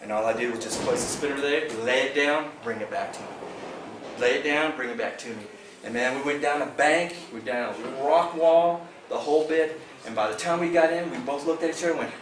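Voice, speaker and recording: A man casually telling a fishing tournament story to a club meeting, animated and laughing as he acts out the dialogue. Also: mid-range voice, a little fast. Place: meeting room. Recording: echoey room from far off, background noise.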